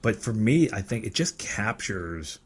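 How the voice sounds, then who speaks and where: A man's voice: fairly low pitch, sing-song, unhurried, breathy edge. A man from Erie, Pennsylvania, chatting casually as a podcast co-host, meandering and searching for his words. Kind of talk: casual chat about movies.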